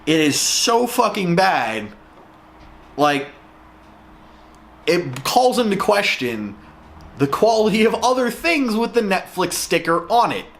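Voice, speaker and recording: Male reviewer, slightly high voice, lively swings, profane exasperated rant. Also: slow, vocal fry, long pauses. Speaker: show reviewer. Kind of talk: ranting review vlog.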